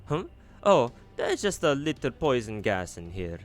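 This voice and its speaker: Campy flamboyant man voiced by a man in a shaky mock Italian accent, medium pitch, soft music behind. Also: big pitch swings, a little slow. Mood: teasing. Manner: put-on Italian accent that drifts toward Russian. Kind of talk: reading game dialogue with voices.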